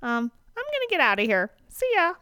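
A woman co-host chats in a high, bright voice with a lively lilt. She sounds laid-back and casual, and the mic is dry and close. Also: fairly quick, no room sound. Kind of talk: casual comedic chat.

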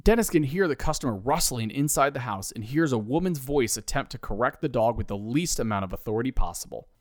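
A man's voice: medium pitch, lively intonation, fast, no room sound. A man narrating a comedy story in a dry, wry storytelling manner.

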